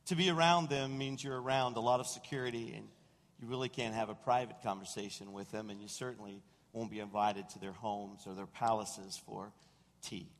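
A man preaching a sermon as senior pastor, telling stories with animated asides and acting out what people said. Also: fairly low pitch, a little fast. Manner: storytelling, animated, mimics quoted voices. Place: church sanctuary. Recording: long reverb of a large room.

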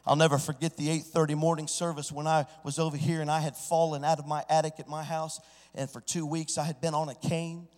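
A man preaching a sermon, swinging from hushed storytelling to loud, shouted exclamations. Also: a little high, flat delivery, a little fast. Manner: preaching with sudden swells into shouting. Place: church. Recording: church sanctuary with long reverb.

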